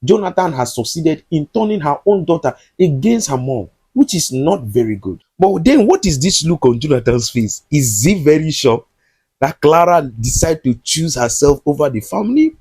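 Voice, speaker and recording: A man's voice: a little high, very animated, moderate pace, mellow, breathy edge, no echo. A man recapping a film and commenting on it, scolding the characters directly in an indignant tone. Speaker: movie reviewer.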